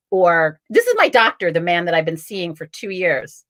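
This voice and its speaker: A middle-aged woman talks casually on a live stream, blunt and quick to swear. Her pitch leaps and dips a lot as she tells her story. She reads comments aloud between thoughts. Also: sing-song, fairly bright tone. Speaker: host of a live tarot card stream.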